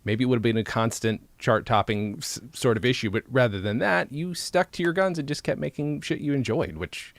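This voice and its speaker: A man's voice: mid-range voice, brisk, hardly any pauses, no echo. Male host, mid voice, casual and sweary, dead-dry room. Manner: enthusiastic, swears freely, stumbles into points. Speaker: podcast host. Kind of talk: casual interview chat.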